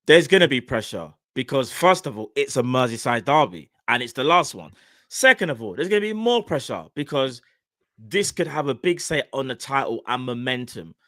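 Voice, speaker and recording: Young male co-host, emphatic and teasing, bright forceful tone, dry sound. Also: mid-range voice, very animated, moderate pace, no room sound. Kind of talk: casual football chat.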